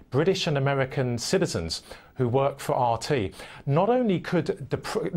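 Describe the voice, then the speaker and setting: Man, guest commentator, lively intonation, emphatic, deliberate. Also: medium pitch. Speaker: panel guest. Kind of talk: debate commentary.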